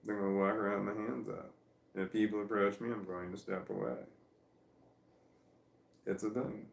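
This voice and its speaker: A man's voice: on the low side, level tone, moderate pace, creaky, roomy sound. A tired man in a casual vlog, rambling and arguing with himself at home. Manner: talks to himself, argues with himself, laughs and sighs. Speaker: vlogger. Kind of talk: rambling self-talk vlog. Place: at home on a couch with his dog.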